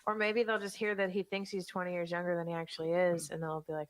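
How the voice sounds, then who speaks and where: A woman's voice: lowish voice, flat delivery, fast talker. A woman co-hosting a podcast, playful and teasing in casual chat. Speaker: podcast co-host.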